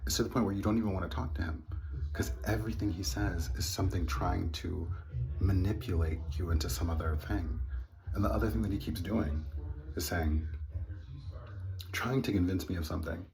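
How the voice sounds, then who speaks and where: A man's voice: low-pitched, a little fast, vocal fry. A man telling a personal story in a casual monologue, earnest and indignant with wry laughs. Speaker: vlogger.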